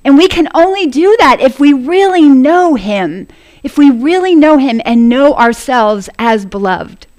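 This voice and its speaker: Woman preacher, earnest sermon delivery, laughing often, fairly high voice. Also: animated, a little slow, darkish tone. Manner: earnest, laughs often, addresses congregation as family.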